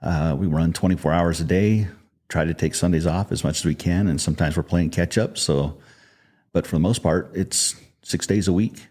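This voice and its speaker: A middle-aged man speaks in an interview with a deep, mellow voice. He talks in a relaxed, plainspoken way and plays down his own success. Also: moderate pace. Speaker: podcast guest, business founder. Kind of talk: conversational interview.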